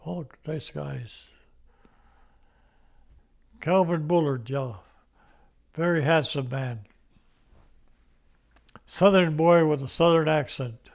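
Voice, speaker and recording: A man's voice: a little high, takes it slowly, creaky, pauses often. An older American man telling war stories in an oral history interview, rambling with restarts and little chuckles. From United States. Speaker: veteran interviewee.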